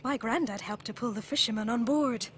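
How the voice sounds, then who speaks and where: A British woman presenting children's TV and telling a story in an expressive, playful way. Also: fairly high pitch, fairly quick, slight background noise.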